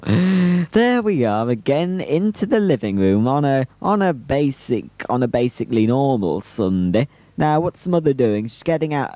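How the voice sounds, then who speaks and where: A cheeky man narrating home videos with teasing asides. His pitch is lively and jumps around, and the sound is dry and close. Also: dry recording. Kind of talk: humorous home-video voice-over commentary.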